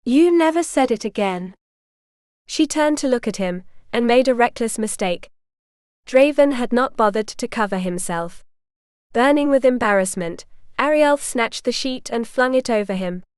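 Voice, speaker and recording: A woman narrating a romance audiobook in a measured, even storytelling manner. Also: on the high side, clean tone, no echo, clean studio sound. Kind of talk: scripted narration.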